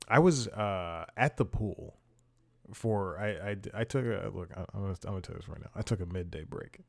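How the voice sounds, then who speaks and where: A man's voice: low voice, fairly quick, gravelly. A man hosting a comedy podcast. He talks in a casual, rambling monologue, mocks himself, and chuckles between sentences.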